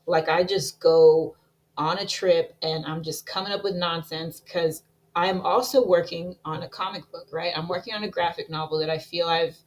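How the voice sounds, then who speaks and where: A woman's voice: lowish voice, steady tone, normal speed. A woman talking casually about her prayer life and reading out a prophetic word she wrote down, her chat full of "like" and "right?". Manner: casual, with frequent "like" and "right?" fillers between readings.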